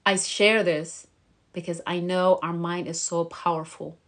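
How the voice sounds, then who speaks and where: A woman's voice: fairly low pitch, steady tone, measured pace, fairly bright tone. Young woman, vlogger, earnest, emotional, encouraging, motivational talk.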